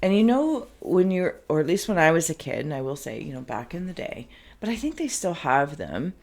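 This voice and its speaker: A woman's voice: low voice, very animated, fairly quick, vocal fry, darkish tone. A woman giving an intuitive card reading, meandering and searching for words, her throat phlegmy. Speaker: tarot card reader.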